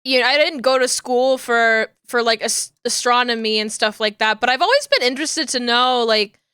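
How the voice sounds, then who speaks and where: Chatty woman streamer rambling to chat, crisp clear voice, dry close sound. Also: on the high side, moderate pace, sharp tone, dry recording. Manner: chatty and rambling, with frequent fillers and restarts. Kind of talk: casual chat with viewers.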